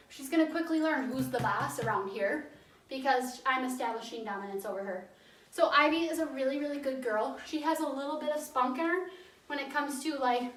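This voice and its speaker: A woman dog trainer with a fairly high voice walks through a puppy lesson, explaining each step and then giving low, firm commands. She is recorded from some way off the mic. The room around her sounds echoey. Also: a bit bright, recorded from a distance. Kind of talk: instructional demonstration. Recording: roomy sound from away from the mic.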